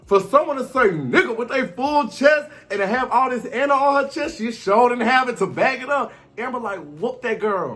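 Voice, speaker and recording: A man recapping a reality TV show in a casual commentary vlog, talking in an animated, slangy way and often acting out what people said. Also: extremely high pitch.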